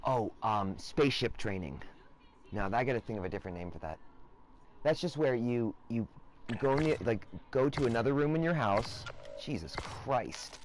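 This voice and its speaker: A man's voice: mid-range voice, lively intonation, normal speed. Rambling man with sudden screaming rants. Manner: erratic, swings into loud profane rants. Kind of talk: rambling casual monologue.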